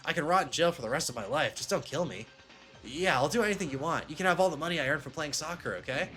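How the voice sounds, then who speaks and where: A man's voice: a little high, animated, fast talker, bright, forceful tone, faint music behind, pitched above the performer's own voice. A man voicing a cowardly young male soccer star who pleads desperately. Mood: pleading.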